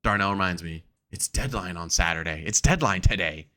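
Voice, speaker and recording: A man co-hosting a casual wrestling podcast, talking excitedly with plenty of swearing. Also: low voice, fairly quick. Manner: excitable, profane, acts out quotes. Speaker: podcast co-host.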